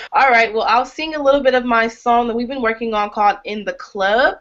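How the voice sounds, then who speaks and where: A woman's voice: fairly high pitch, normal speed, fairly bright tone. A young woman singer chatting casually over a video call, giving short, agreeable replies. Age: young adult. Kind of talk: casual chat and singing. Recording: dull lo-fi call audio.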